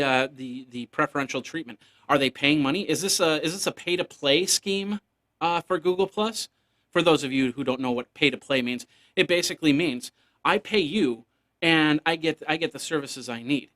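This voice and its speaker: A man's voice: fairly high pitch, a bit bright. A man hosting a casual solo tech news podcast, rambling and joking, now and then making beeping computer noises.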